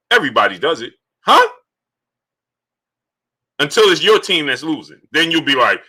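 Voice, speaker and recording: Male livestream host, very bright tone, loose chatty delivery, mid pitch. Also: animated, a little fast. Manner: loose and conversational, greets viewers by name, repeats himself. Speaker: livestream sports host reading Super Chats. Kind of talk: casual live-stream talk.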